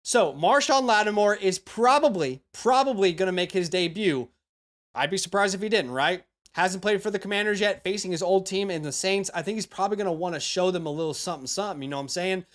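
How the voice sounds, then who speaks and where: A man hosting a fantasy football show, talking through picks in a loose, chatty way with lots of asides to the viewer. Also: high-pitched. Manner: chatty, frequent "you know" and "all right?" asides. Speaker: fantasy football analyst host. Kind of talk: casual scripted-free sports analysis.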